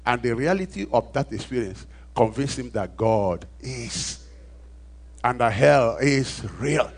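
Speaking slowly in a mid-range, animated voice, a preacher with a Nigerian accent tells a story from the pulpit. He swings between quiet asides and loud, emphatic appeals, drawing responses from the congregation.

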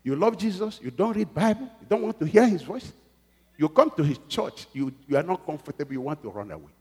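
A middle-aged man preaching a sermon in a church, swinging from hushed pleading to loud exhortation and calling for amens. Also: a little high, big pitch swings, fairly quick, slightly rough. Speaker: pastor. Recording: long reverb of a church hall.

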